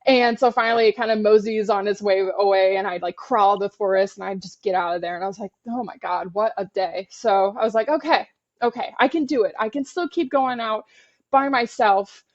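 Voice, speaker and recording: A woman's voice: mid-range voice, a little fast, highs cut off. Candid woman telling field stories. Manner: animated, frank, swears freely. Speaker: podcast co-host, turtle biologist. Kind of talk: casual storytelling.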